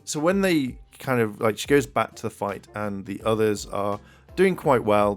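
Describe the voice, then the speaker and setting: Chatty male reviewer, mid-pitched, rambling and excitable, faint music bed. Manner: rambling, many fillers and restarts, excitable. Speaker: episode reviewer. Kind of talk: casual video review.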